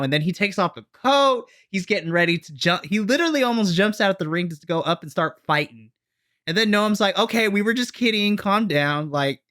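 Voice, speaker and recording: A man talks fast and animated on a casual podcast, acting out the quoted reactions as he recaps the show. His voice sits a bit high and sounds bright and forward. The recording is dry and close, with no room sound. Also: clean tone, no room sound. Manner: excitable, animated storytelling with quoted asides. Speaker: podcast co-host. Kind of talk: casual wrestling recap chat.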